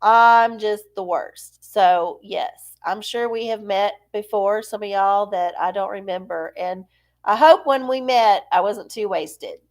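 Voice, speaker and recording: A woman's voice: mid-range voice, a little slow. A woman hosting a live stream, rambling and self-deprecating in casual chat with her viewers. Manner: rambling, chatty, self-deprecating, frequent laughs. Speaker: livestream host.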